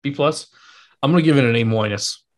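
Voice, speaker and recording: Casual male co-host, relaxed and profane, filler-heavy chatter about sports and drinks. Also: medium pitch, fairly quick. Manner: laid-back, profane, uses lots of fillers like "like" and "man". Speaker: podcast co-host. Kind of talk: casual chat about sports and whiskey tasting.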